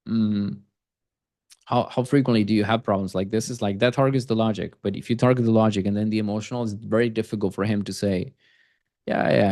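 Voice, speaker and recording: Low-voiced man coaching a sales group. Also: a little mellow, no room sound, clean studio sound. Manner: conversational, repetitive fillers, acts out sales call lines. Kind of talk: live coaching session.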